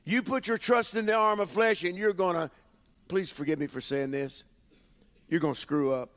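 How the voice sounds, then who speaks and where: A man preaching as a bishop, with emphatic call-and-response phrasing and drawn-out lines. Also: high voice, a bit bright, big-room sound. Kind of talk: sermon. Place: church sanctuary with congregation.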